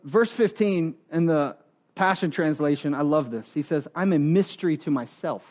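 Speaking at a moderate pace with a slightly high voice, this man preaches as a pastor. His delivery is animated and playful; he performs quoted voices and shares laughs with his congregation.

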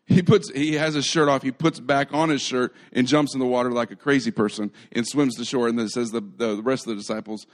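A man's voice: medium pitch, fairly even intonation, fast talker, hardly any pauses. A man preaching a sermon in a conversational way, retelling stories animatedly and often restarting his phrases. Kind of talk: live sermon.

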